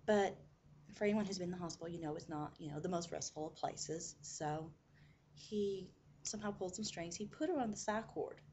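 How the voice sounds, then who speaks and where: Woman storyteller, lowish voice, chatty, full of asides. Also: a little fast, a little mellow, slight background noise. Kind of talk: casual spoken storytelling.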